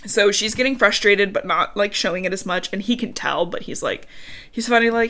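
A young woman talks through a book's plot in loose, casual podcast chat. She swears often and slips into characters' voices with sudden pitch jumps, breaking into laughs along the way. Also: a little fast, fairly bright tone. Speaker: podcast co-host. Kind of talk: casual book recap chat.

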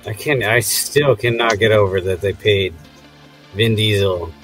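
A man's voice: fairly low pitch, unhurried, a bit bright, soft background music, rough recording. A man co-hosting a casual podcast recap, adding dry, sarcastic asides. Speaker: podcast co-host.

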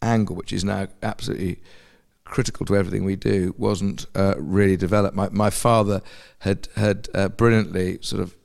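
A man's voice: low voice, steady tone, a little fast, vocal fry, darkish tone. A man answering an interview question in a hesitant way, with many restarts. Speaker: interview guest.

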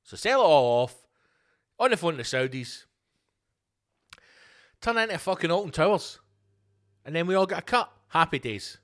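A man hosting a solo podcast, ranting with heavy swearing and sarcasm, jumping between loud outbursts and low muttered asides. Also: animated, moderate pace, pauses often. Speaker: podcast host.

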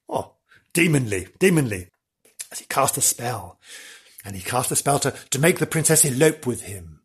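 A man's voice: mid-range voice, big pitch swings, normal speed, husky. A man hosting a podcast, telling a comic ghost story in a theatrical, hammy way with lots of repetition. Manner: theatrical, hammy, repeats for effect.

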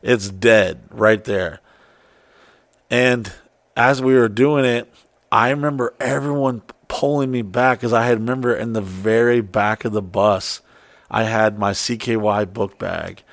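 A man's voice: lowish voice, a little slow, dry recording. A man telling a wild story in casual chat, swearing freely and acting out what people said. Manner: profane, excitable, acts out quotes.

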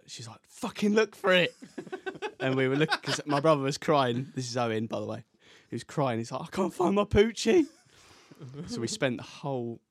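A man's voice: mid-range voice, no room sound. Young man laughing through an anecdote. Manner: laughing, builds to a punchline. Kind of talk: casual anecdote.

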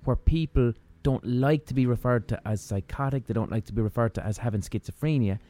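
A man's voice: medium pitch, fairly quick, mellow. A man hosting a podcast who asks curious, rambling questions and repeats himself as he thinks aloud. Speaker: podcast host. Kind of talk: conversational interview questions.

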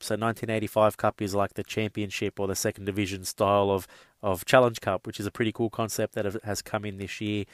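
Flat-voiced man chatting sports news. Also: lowish voice, no echo. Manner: chatty, many uh fillers, addresses listeners as guys. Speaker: podcast host. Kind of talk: casual sports news rundown.

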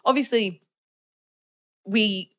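A woman's voice: medium pitch, extremely slow. A woman co-hosting a film podcast, chatting casually with lots of "like" and "um". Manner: chatty, full of "like" and "um" fillers. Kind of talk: casual film review chat.

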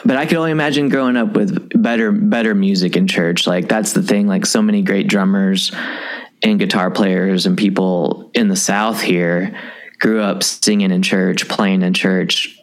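A man's voice: sits low, normal speed. A man in his thirties from Kentucky, a musician talking casually and rambling with lots of fillers. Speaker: musician guest. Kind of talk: casual conversation.

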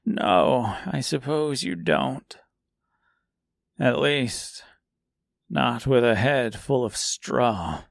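Soft elderly woman seamstress, put on by a man, kindly, coaxing, slow, audio storybook. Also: a bass voice, animated, creaky, no room sound, studio quality, full character voice. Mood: amused. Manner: gentle, coaxing.

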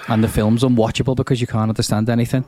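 A man's voice: mid-range voice, little pitch movement, mellow, dry recording. A British man co-hosting a comedy podcast, chatting wryly and laughing easily between reading script lines. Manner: wry, chatty, quick to laugh. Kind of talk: casual comedic chat.

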